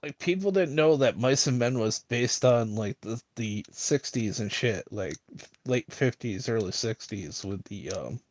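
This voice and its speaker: A man's voice: medium pitch, lively intonation, unhurried, dry recording. A man rambling in a casual monologue, full of fillers and restarts, mocking the people he disagrees with. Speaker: streamer.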